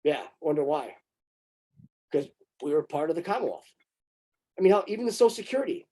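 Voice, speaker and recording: A man's voice: on the high side, big pitch swings, fairly quick, dark tone, husky. A man talking casually in a crude, rambling way, with mocking asides. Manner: breaks into mocking put-on voices. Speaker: conversation partner.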